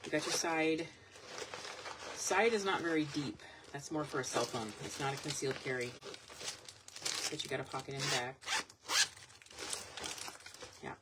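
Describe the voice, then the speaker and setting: A woman's voice: deep voice, moderate pace, pauses often. A woman selling vintage goods online, chatting casually and rambling as she shows items on a live stream. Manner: chatty, rambling, thinks aloud. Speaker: online vintage seller showing products. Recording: loud background noise, crinkling packaging.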